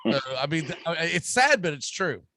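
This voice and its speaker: A man's voice: a little high, big pitch swings, brisk, bright, forceful tone, a little hiss or hum. A man with a Southern US accent, hosting a sports radio show and ranting emphatically about football. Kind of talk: casual sports talk.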